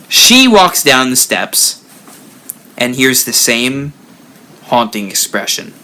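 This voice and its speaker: A man hosting a live stream, telling a spooky story with lively rises and drops. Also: mid-range voice, slow. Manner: animated storyteller, rising and dropping for effect. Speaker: haunt builder channel host.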